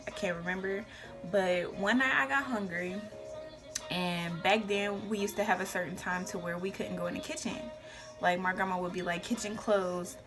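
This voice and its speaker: Animated young woman telling a story. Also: on the low side, normal speed, over music. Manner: animated storytelling with whispered asides and shouted quotes. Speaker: vlogger. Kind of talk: casual storytime.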